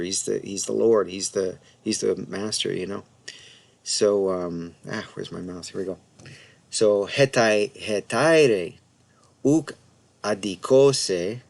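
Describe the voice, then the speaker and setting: A man with a low, gravelly voice teaches New Testament Greek in a loose, conversational way. He sounds out the Greek slowly and talks through his points with plenty of ums and restarts. He speaks into a desk mic. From United States. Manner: explanatory, thinks aloud with many fillers and restarts; reads Greek slowly and carefully. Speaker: Bible teacher. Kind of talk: casual screen-share Greek lesson.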